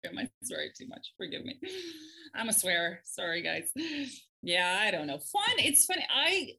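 A woman talking as a podcast guest in casual chat, animated, laughing often and swearing freely. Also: on the low side, moderate pace, creaky.

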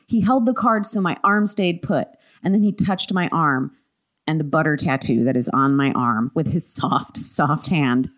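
Woman host reading a listener story, low-ish voice that swings all over, lots of laughs. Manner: animated, laughs often while reading. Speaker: podcast co-host.

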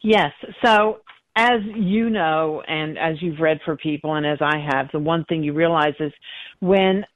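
This is a middle-aged woman with a low voice, speaking a little slowly on a dry, tinny line that sounds like a phone, with no room sound. A psychic medium in a conversational interview, she tells stories and acts out their dialogue with animation.

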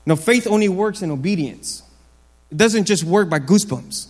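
A long reverb tail fills the large hall where a high-voiced man preaches, animated and at normal speed. He presses each point by repeating it and swings from booming, lifted phrases down to quiet, low ones.

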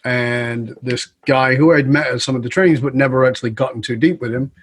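A middle-aged man, a guest on an interview show, telling a story in a lively conversational way and acting out the dialogue. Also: medium pitch, fairly quick, slightly rough. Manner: animated storyteller who acts out quoted dialogue. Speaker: guest speaker and coach.

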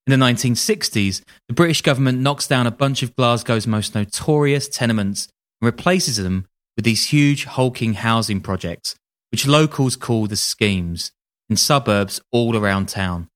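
A man's voice: medium pitch, moderate pace, fairly bright tone. A man telling a true-crime story casually on a podcast, with wry joking asides and casual swearing. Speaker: podcast host.

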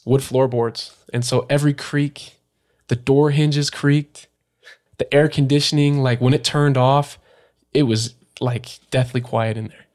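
A young man recounts an old experience as a podcast guest. He speaks at an everyday middle pitch, loose and casual, and his sentences keep stopping and restarting around little fillers. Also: fairly even intonation, a little mellow. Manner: halting, full of "like" and restarts. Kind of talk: storytelling in a casual interview.

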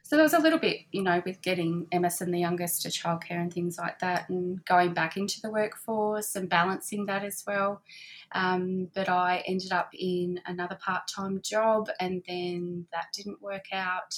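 A middle-aged woman, chatting casually as an interview guest, with lots of fillers and a husky voice. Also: fairly low pitch, fairly even intonation, normal speed. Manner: chatty, warm-hearted, many fillers and soft laughs. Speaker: guest, handmade boutique owner. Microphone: remote call.

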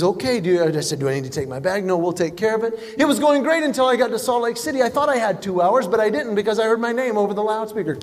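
Stand-up comic, high voice, lively storyteller who acts out other people's lines, live hall sound. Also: male voice, quick pace, hardly any pauses. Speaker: comedian. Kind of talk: stand-up comedy.

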